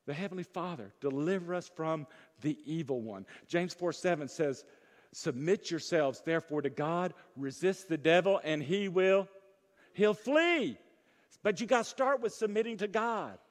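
A fervent male pastor with a fairly high voice preaches in a church hall, his words trailing off in a long echo. He drives toward loud, urgent peaks, then drops to quiet asides and puts questions to the congregation. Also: normal speed. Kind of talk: sermon.

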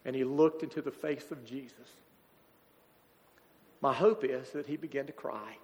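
A man, preaching a sermon as a pastor, halting and emotional as a grieving father. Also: medium pitch. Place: church sanctuary. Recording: church hall reverb.

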